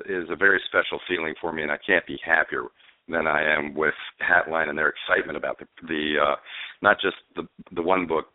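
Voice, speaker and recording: Deep-voiced man on a tinny phone line. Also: no room sound. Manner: animated storyteller, halting with fillers and restarts. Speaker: novelist and screenwriter guest. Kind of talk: phone interview, storytelling answers. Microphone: telephone.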